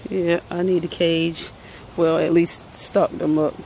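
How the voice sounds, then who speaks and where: A woman's voice: fairly low pitch, flat delivery, slow, vocal fry, a little mellow, slight background noise, rough recording. A woman, out of breath, casually walking through her vegetable garden and muttering plant names as she films. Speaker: gardening vlogger.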